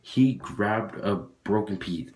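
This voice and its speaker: A man's voice: on the low side, slow, darkish tone. A young man vlogging a casual story, rambling with lots of fillers and restarts.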